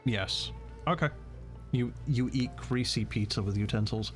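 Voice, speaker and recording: A man's voice: mid-range voice, unhurried, soft background music. A man from Washington state casually chatting and swearing on a gameplay stream, often repeating words. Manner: profane, rambling, repeats words.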